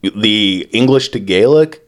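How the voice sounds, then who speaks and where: A man's voice: on the low side, lively intonation, slow. A man co-hosting a podcast, rambling and joking with plenty of profanity. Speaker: podcast co-host. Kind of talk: casual comedic chat.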